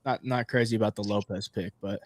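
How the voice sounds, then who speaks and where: A man co-hosting a casual betting call-in show, excitable and slangy, often saying "dude". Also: lowish voice, brisk, dry recording. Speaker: co-host.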